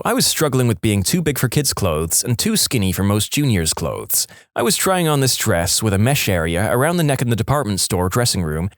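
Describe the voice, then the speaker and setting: A man narrating reddit-style stories in an expressive, scripted storytime manner. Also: mid-range voice, dry recording, studio quality. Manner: lively, expressive reading.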